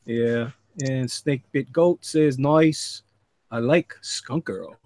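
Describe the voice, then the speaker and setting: A man with a mid-range, slightly mellow voice takes it slowly while hosting a live drawing stream, recorded dry. As both host and artist, he casually chats with call guests and reads chat messages aloud in a laid-back style.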